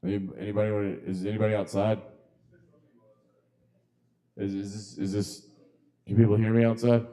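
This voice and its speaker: A man's voice: lowish voice, level tone, moderate pace, pauses often, warm tone. A man hosting a live poetry open mic, calling up performers in a loose, chatty way. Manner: loose, chatty, lots of ums and calling out names. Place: kava bar open mic.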